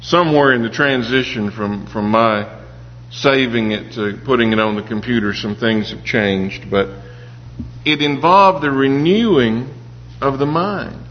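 A man with a medium-pitched voice delivers a sermon a little slowly, telling earnest, personal stories from his own life and sometimes restarting. The recording has the echo of a hall, dull sound, and a faint hum.

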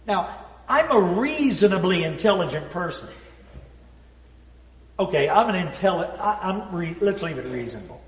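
A man telling a personal story in a sermon, folksy and self-deprecating, dropping to a low hush at the sad parts. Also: very animated, normal speed, pauses often. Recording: roomy hall reverb, dull sound.

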